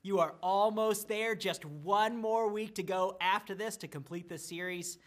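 A man in his thirties, a pastor, addressing church small groups on video and telling family stories in an animated way. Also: high voice, measured pace. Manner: warm storytelling, animated about his family.

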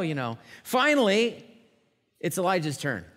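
A male pastor preaching a sermon with animated storytelling, acting out the quotes. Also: high-pitched, normal speed. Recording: long hall reverb.

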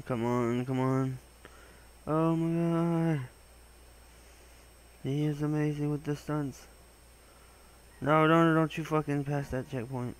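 A young man giving gaming commentary, excitable and swearing, with loud exclamations and a voice that cracks. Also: medium pitch, a little hiss or hum, low-quality recording. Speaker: gaming channel host.

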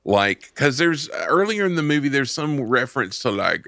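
Man, gravelly voice, slow lively talk, dry close sound, casual movie recap. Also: medium pitch, no room sound. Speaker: film podcast co-host.

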